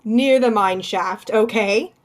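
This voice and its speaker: A woman player talks through a tabletop game in casual chat, slow and unhurried. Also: medium pitch.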